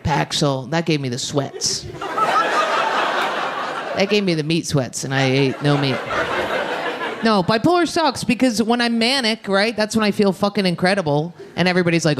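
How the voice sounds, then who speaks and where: A woman performing a brash, fast stand-up set, talking with the crowd on a club stage. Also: lowish voice, expressive, background noise. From United States. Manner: brash, rapid, often shouting and laughing. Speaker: stand-up comedian. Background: audience laughter.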